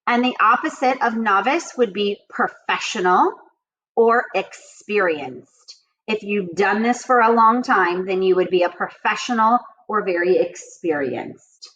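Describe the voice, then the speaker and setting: A woman teaching a vocabulary lesson to children, with her voice at a middle pitch for a woman. She reads the example sentences slowly and stresses each word. The recording sounds dull and lo-fi. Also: a bit bright. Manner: slow, emphatic reading of example sentences.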